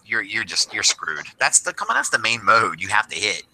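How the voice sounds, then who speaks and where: A man co-hosting a casual podcast chat, animated and emphatic, often restarting his sentences. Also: fairly low pitch, fairly quick, slight background noise, poor audio. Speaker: podcast co-host. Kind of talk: casual chat among toy collectors.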